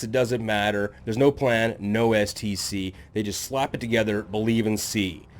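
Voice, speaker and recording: A man's voice: lowish voice, darkish tone. A man hosting his own channel, narrating scripted lore in a sardonic, jokey, self-deprecating way.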